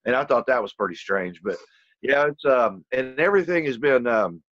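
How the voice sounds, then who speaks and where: A man spins a long personal story in a loose, rambling way, swearing and leaning on "you know" at every turn. His voice sits at an ordinary middle pitch. The recording is dry and a little dull, like modest home gear. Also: animated, normal speed, a bit bright, dry recording. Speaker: channel host telling a personal story. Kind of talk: casual conversational storytelling.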